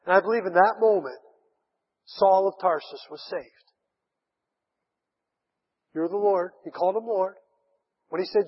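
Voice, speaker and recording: A man preaching a sermon, retelling a Bible story with lively acted-out voices. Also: high-pitched, normal speed, pauses often, breathy edge. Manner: animated storytelling, acts out voices of Bible figures. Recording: dull sound with long hall reverb.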